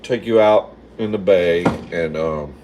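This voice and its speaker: Against a noisy background, a man speaks in a low, unhurried voice while hosting a casual cooking livestream in his home kitchen. He's sassy and swears a lot as he answers comments, calling everyone "girl."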